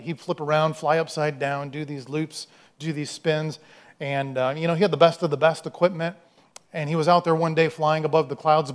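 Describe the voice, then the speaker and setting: A male pastor preaching a sermon in a conversational, storytelling way, with asides to the congregation. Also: fairly high pitch. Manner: conversational, storytelling, acts out quoted voices.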